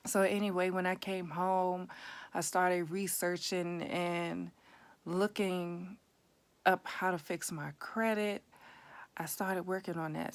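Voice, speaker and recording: A woman's voice: fairly low pitch, little pitch movement, slow. A woman in her thirties telling her own life story to camera in a candid, conversational way, with bursts of raised intensity. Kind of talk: candid personal testimony.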